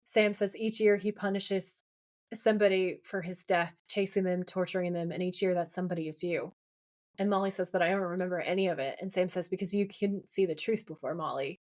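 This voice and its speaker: A woman's voice: fairly low pitch, brisk. Woman, podcast co-host, casual recap chat, quotes dialogue, ranty. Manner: animated retelling, quoting dialogue and ranting.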